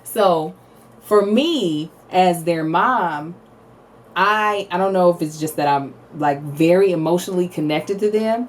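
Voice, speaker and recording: A woman in her thirties co-hosting a podcast, telling animated family stories, acting out quotes and laughing often. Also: lowish voice, a little slow, distant mic. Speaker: podcast co-host. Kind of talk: casual chat.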